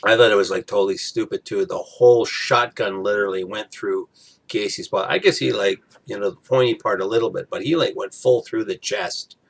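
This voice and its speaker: A man's voice: lowish voice, vocal fry, fairly bright tone, breathy edge. A man recapping a TV episode in a casual, rambling way, full of fillers. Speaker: TV episode reviewer.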